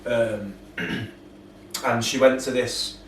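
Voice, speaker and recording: A man's voice: mid-range voice, steady tone, drawn-out words, a bit bright. A man, co-hosting a podcast, telling a story carefully with many fillers. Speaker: podcast co-host. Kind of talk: casual chat. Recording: roomy, distant mic with faint noise.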